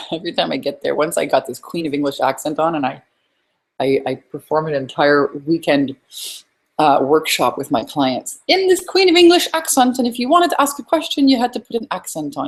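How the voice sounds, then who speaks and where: A woman business coach hosting a live webinar, effusive and upbeat, chatting with her audience as she teaches. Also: low voice.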